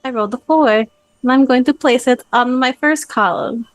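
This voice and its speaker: A woman's voice: fairly high pitch, moderate pace, no echo. A woman playing in a tabletop role-play, earnest and playful, insisting she plays fair. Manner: earnest, playful, defensive when teased. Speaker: player.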